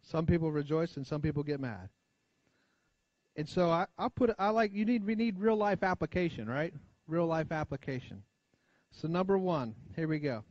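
An American man preaching a sermon, talking plainly to his congregation, asking for amens and dropping his voice low and quiet to stress key points. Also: normal speed, no room sound. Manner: conversational preaching, frequent call-and-response asides. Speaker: pastor. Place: church sanctuary. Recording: dull lo-fi church recording.

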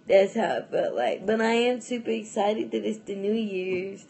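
A woman's voice: fairly high pitch, moderate pace, a little mellow, slight background noise. A young adult woman vlogging in a casual, rambling chat to camera, full of fillers and restarts and often breaking into laughs.

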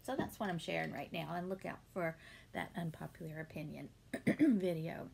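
Woman in her thirties, home vlogger, casual Q&A, gravelly fry, faint hiss behind. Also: low-pitched, normal speed. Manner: chatty, warm-hearted, many ums and laughs. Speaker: beauty vlogger answering viewer questions. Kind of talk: casual Q&A chat.

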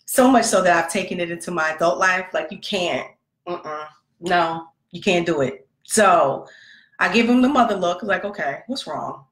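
A woman telling a long personal story about her son, talking casually and acting out the dialogue. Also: lowish voice. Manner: animated, conversational, acts out quoted dialogue. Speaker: podcast host, mother. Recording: roomy echo.

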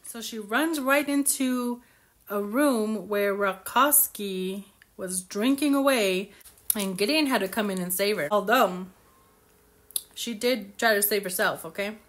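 A woman's voice: mid-range voice, measured pace, fairly bright tone. A young woman chatting casually as she recaps a novel for her book club, gushing and acting out characters' lines.

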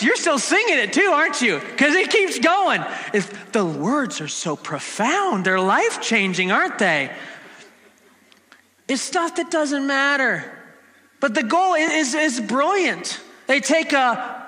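A man's voice: very high-pitched, bright, forceful tone. A man in his forties preaching a sermon in a playful way, bursting into bits of jingles for the congregation. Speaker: pastor. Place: church sanctuary. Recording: long church hall reverb.

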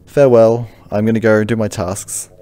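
A man's voice: lowish voice, flat delivery, normal speed, mellow. An Australian man hosting a gaming video, joking and teasing his teammates in casual banter over a VR headset mic. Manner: joking, teasing, laughs often.

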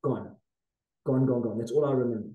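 A man's voice: medium pitch, brisk, echoey room, narrow, tinny audio. A man in his forties, a podcast guest, telling a dramatic personal story in a casual, intense way with slang. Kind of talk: storytelling in a conversational interview.

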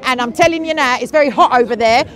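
A woman's voice: high-pitched, a bit bright. Cheeky woman debating on the street. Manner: cheeky, quick-witted, teasing. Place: outdoors on a busy city street.

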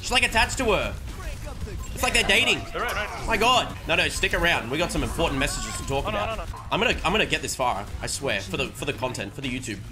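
A young man giving joking, excitable gameplay commentary with sudden shouts. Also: on the high side, fast talker. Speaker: gaming streamer. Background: background music.

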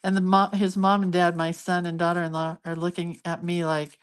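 A chatty, giggly older woman with a slightly low voice, talking easily to her viewers while she draws. She tells little family stories and drifts into asides. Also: flat delivery, brisk, few pauses, clear, resonant tone. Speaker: hand-lettering artist hosting a live stream. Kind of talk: casual live-stream chat while drawing.

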